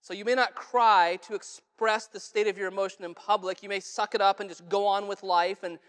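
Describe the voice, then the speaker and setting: A male pastor delivers a sermon in an earnest, conversational way, and his voice sits fairly high for a man. He drops to soft, hushed tones for quoted words. The sound carries a long reverb from the church sanctuary. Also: fairly even intonation, brisk, smooth.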